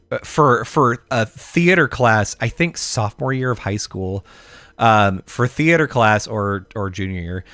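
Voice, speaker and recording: On a casual podcast, a male co-host in his thirties tells a rambling story full of fillers and swearing, now and then erupting into loud outbursts. His voice is mid-range and the recording is dry.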